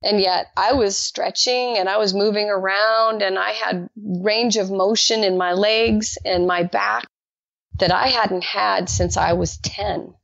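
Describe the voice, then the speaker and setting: A woman guest telling her personal faith testimony in an animated way, acting out the dialogue she quotes. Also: a little slow, creaky, no room sound. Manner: animated, acts out quoted dialogue with jumps in pitch. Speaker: podcast guest. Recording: dull lo-fi dry recording.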